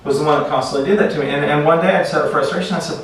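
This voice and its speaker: A man teaching a class in a relaxed, conversational way, telling stories and often restarting his sentences. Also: fairly high pitch, racing. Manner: conversational, repeats words when restarting. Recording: echoey room, far from mic, faint noise.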